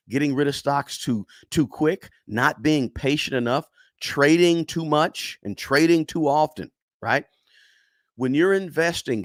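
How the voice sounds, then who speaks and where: A man's voice: fairly high pitch, no room sound, studio quality. A middle-aged man hosting a casual livestream lesson, repeating points for emphasis and asking "right?" constantly while answering chat. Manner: repetitive, emphatic, tags lines with "right?"; chatty and encouraging toward viewers. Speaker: livestream host teaching investing.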